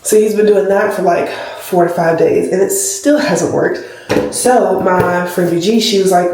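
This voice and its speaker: A woman's voice: fairly low pitch, normal speed, darkish tone, slight background noise, poor audio. A woman talking casually to the camera in a vlog, full of fillers, recorded in a car. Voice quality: chatty, many fillers like "like" and "um". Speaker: vlogger.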